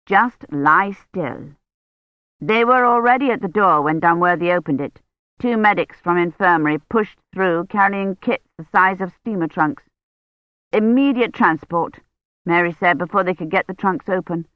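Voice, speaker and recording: In a lowish voice at a normal pace, a woman narrates a novel as an audiobook reader, keeping her delivery steady and even. The scripted reading is recorded dry, with a dull, lo-fi quality.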